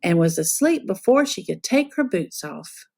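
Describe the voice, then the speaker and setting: A woman reading a picture book aloud to children, telling it as an expressive storyteller. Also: on the low side, normal speed, creaky.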